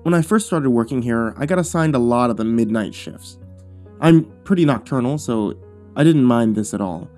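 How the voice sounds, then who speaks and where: Male horror narrator, mid-range voice, measured and hushed delivery, faint music bed. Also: mid-range voice, lively intonation. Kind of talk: scripted first-person horror narration.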